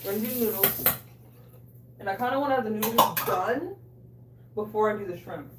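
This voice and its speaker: A woman hosting a cooking livestream, chatting casually, loud, joking and swearing with her chat. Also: medium pitch, brisk, very noisy. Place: small bathroom. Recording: echoey room, a bit distant.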